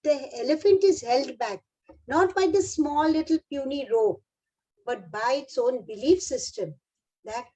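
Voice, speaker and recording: Indian english lady giving a pep-talk keynote to teachers, high voice, soft mellow tone. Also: animated, moderate pace, low-quality recording. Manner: encouraging, addresses audience like a class. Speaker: keynote speaker.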